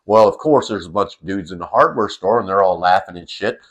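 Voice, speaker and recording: A man's voice: deep voice, lively intonation, a little fast, fairly bright tone. A middle-aged man telling a funny family story in a loose, rambling way, with plenty of fillers and the odd curse. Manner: rambling, full of fillers and restarts, salty. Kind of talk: casual storytelling.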